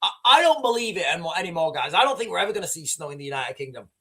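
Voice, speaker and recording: A man's voice: high voice, sing-song, very fast, bright, forceful tone. A man hosting a live stream, talking in a rambling, conversational way to his viewers and reading their chat comments. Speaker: livestream host.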